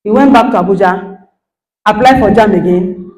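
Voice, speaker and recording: A middle-aged woman with a Nigerian accent, giving an animated motivational talk that acts out quoted dialogue and checks in with her listeners. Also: medium pitch, moderate pace, reverberant, poor audio. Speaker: guest speaker, lecturer.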